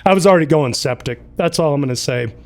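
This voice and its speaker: A man's voice: a little high, quick pace, darkish tone. A man hosting a casual livestream, upbeat and chatty, running through announcements and names. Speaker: livestream host.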